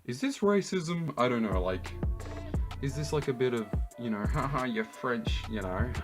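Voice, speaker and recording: A man's voice: medium pitch, big pitch swings, normal speed, music in the background. A man with an Australian accent, hosting a reaction video in an incredulous, ranting way. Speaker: YouTube host. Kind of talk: reaction rant.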